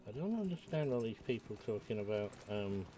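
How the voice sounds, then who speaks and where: A man's voice: on the low side, very animated, a little fast, mellow, slight background noise. An older man from the United Kingdom, chatting and rambling to himself as he streams a game. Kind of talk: casual live-stream commentary while playing.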